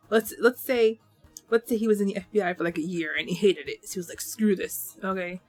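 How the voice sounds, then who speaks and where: A young woman giving a casual, animated book review to camera, ranting with many "like" fillers. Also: mid-range voice.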